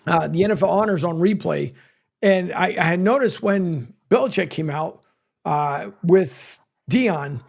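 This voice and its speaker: A man's voice: sits high, lively intonation, unhurried, gravelly, a little mellow. A man co-hosting a sports radio show, chatting earnestly and hesitantly, often repeating words. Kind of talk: casual sports radio chat.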